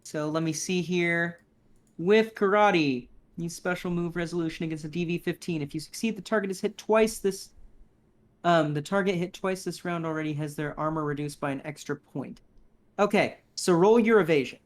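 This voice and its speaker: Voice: mid-range voice, moderate pace. A game master running a tabletop combat in a casual, rambling way, reading rules aloud and narrating moves.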